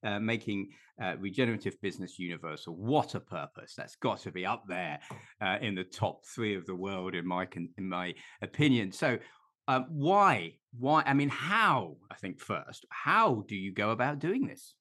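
A man's voice: on the low side, normal speed. A man hosting a podcast, speaking with enthusiasm. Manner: enthusiastic, expressive. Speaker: podcast host.

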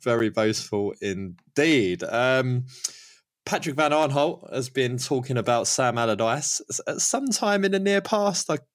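A man's voice: medium pitch, unhurried. A man hosting a casual football podcast, chatty and laughing often. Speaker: podcast host.

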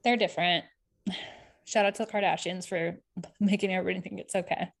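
A woman's voice: fairly low pitch, fairly even intonation, creaky. Chatty woman gossiping on a podcast. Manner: chatty, swearing, quick asides and laughs. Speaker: podcast co-host. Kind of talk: casual chat recapping a reality show.

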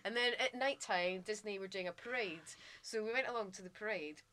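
Female podcast guest, bright voice, animated anecdotes, quick to laugh. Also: mid-range voice, low-quality recording. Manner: animated, laughs often, acts out quotes. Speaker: guest, former interviewer. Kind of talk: casual storytelling.

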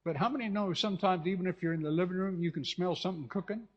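A pastor from California preaches a fervent, repetitive sermon in a slightly higher-than-usual man's voice, restarting often and breaking off for asides to the congregation. He talks quickly with hardly any pauses, and the recording sounds dull and lo-fi.

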